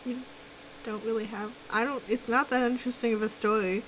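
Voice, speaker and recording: Woman co-streamer, higher voice, teasing and giggly, faint hiss behind. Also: steady tone, a little fast, a bit bright, poor audio. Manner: teasing, laughs often. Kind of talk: casual gameplay chat.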